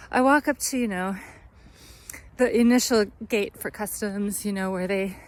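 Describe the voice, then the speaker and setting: A woman's voice: mid-range voice, slow pace. A woman from the United States telling a travel story to camera in a chatty way, laughing often and full of fillers. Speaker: vlogger.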